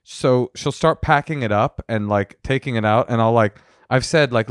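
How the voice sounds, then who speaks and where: Animated, rambling male podcast co-host. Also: medium pitch, moderate pace, dry recording, studio quality. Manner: animated, rambling storyteller with restarts. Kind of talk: casual comedic chat.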